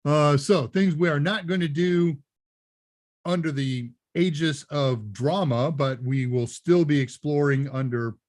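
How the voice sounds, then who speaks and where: A man's voice: a little high, unhurried, a little mellow. A middle-aged man hosting a live Q&A stream, chatting casually, rambling and correcting himself, laughing now and then. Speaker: live Q&A show host.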